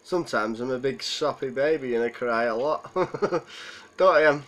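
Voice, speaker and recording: A man's voice: medium pitch, a little slow, a bit bright, low-quality recording. A man hosting a live stream, holding back tears as he rambles and answers viewers' comments. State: close to tears. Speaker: livestream host. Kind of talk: emotional live stream chat.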